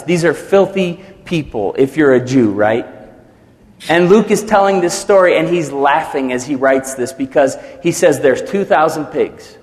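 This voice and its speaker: A male pastor preaching a sermon, animated, acting out quotes with sudden swells and drops. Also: on the high side, in a large hall.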